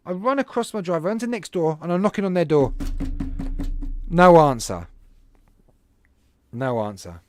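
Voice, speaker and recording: Lively man telling a rambling story. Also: fairly high pitch, normal speed, long pauses, slight background noise. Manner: animated, rambling anecdote with self-deprecating asides. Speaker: podcast host. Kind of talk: casual storytelling to a live chat. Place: at home.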